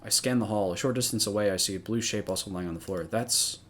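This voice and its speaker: A man's voice: on the low side, fast, fairly bright tone, slight background noise. A man streaming a visual novel, reading the narration dramatically and breaking into casual asides.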